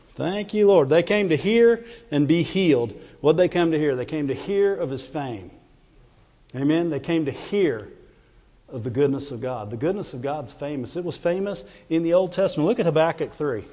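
A man preaching a fervent sermon, repeating phrases and calling out to his congregation. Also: on the high side. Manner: fervent, repetitive call-and-response preaching. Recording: dull lo-fi sound with long hall reverb.

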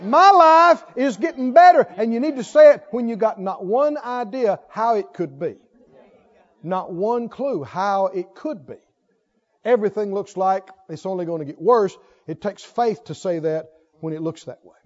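An older man preaching a sermon, emphatic, asking call-and-response questions and swinging between loud declarations and soft asides. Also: high-pitched, normal speed, lo-fi sound.

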